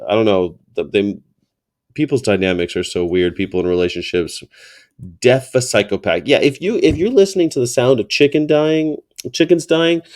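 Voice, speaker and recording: Sarcastic, profane man ranting a story. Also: mid-range voice. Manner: animated storyteller. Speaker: activist vlogger.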